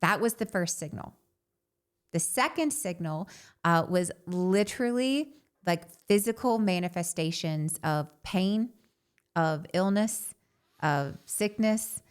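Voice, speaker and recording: Animated woman telling a personal story. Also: fairly low pitch, slow pace, clean tone. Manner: animated, says "like" often. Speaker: podcast co-host.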